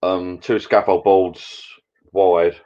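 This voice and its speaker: A man's voice: low-pitched, level tone, slow, darkish tone, highs cut off. A middle-aged man, chatting casually and rambling in a matey way as host of a livestream from his garden bar shed. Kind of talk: casual livestream chat with viewers.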